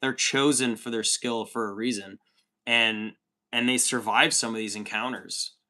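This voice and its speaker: Streamer, male, thirties, bright tense voice, rambling and profane, calls everyone dude. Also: fairly low pitch, steady tone, a little slow. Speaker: livestream host reading chat. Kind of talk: casual chat.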